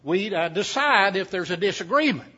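A man voicing a scrawny ninety-year-old mountain man, stubborn and sly, talking in a slow folksy drawl. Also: sits high, expressive, bright, forceful tone, slightly rough, exaggerated voice. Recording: dull lo-fi sound.

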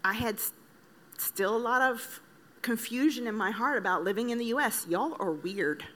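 A woman's voice: on the high side, normal speed, a bit bright. Earnest woman missionary giving her testimony. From Kenya. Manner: earnest, conversational, lightly joking. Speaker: missionary speaker. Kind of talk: personal testimony talk.

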